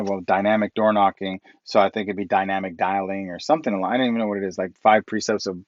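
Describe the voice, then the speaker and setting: A middle-aged man coaching on a live stream, telling rambling, animated stories and acting out his own past lines. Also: fairly low pitch, no room sound, muffled recording. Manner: rambling, animated storytelling with self-quotes. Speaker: real estate coach. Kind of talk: live-stream motivational talk.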